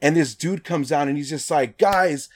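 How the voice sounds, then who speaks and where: Animated young man telling a story. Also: a little high, fairly quick. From Nevada. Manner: animated, swearing, acts out quotes with lots of "like". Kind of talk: casual storytelling chat.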